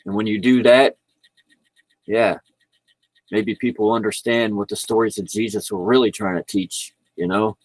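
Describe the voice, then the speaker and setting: With a lowish, steady voice at a moderate pace and long pauses, a vlogger chats in a laid-back, rambling way about spirituality into his home computer mic, laughing often. The low-quality livestream recording has no room sound.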